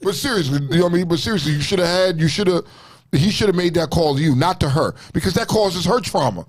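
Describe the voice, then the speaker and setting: A man co-hosting an uncensored talk show, animated and profane, cutting in with jokes. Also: high-pitched, quick pace, breathy edge. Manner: animated, profane, joking interjections. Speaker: podcast co-host. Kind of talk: uncensored casual chat.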